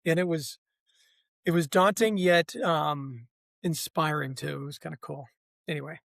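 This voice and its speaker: High-voiced man telling his race story. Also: fairly even intonation, a little slow, creaky, fairly bright tone, no echo. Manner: reflective storyteller. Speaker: race participant guest. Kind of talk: casual storytelling interview.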